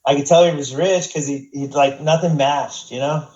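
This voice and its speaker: A man's voice: on the high side, steady tone, normal speed, a little mellow. An American man with a mid-range voice tells stories loosely, swearing often and stumbling over restarts. The room sounds echoey and the audio is a little muffled. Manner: profane, rambling, many restarts. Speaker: podcast guest. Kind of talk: casual storytelling. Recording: roomy, dull podcast audio.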